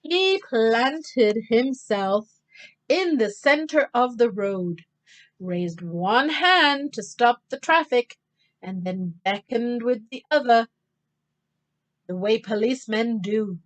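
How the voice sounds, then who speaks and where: A woman teacher reading a picture book aloud to children, expressive and pausing to count along with them. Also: a little high. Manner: expressive, stops to count and talk to kids. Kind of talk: children's storytime read-aloud.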